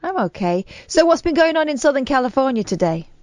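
A woman sits beside the host on late-night radio and answers his jokes with dry amusement. Her pitch moves in a lively way. The studio sound is close and dry. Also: fast, no room sound. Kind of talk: casual radio banter.

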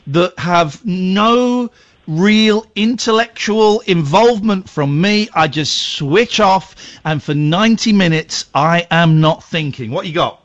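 A man hosting a late-night phone-in radio show from home, talking in a lively, jokey, chatty way with stumbles. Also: high-pitched, slow, lo-fi sound. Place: home room, crowded around one microphone.

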